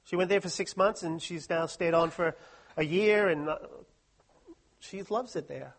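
A man's voice: a little high, a little slow, husky. A man giving a humorous, self-deprecating talk to a live audience at a Christian study week. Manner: joking, self-deprecating, chatty asides.

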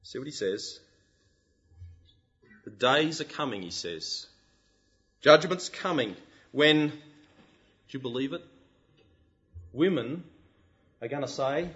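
Animated male preacher, muffled recording. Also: mid-range voice, a little slow, long pauses. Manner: animated, full of rhetorical questions. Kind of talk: sermon.

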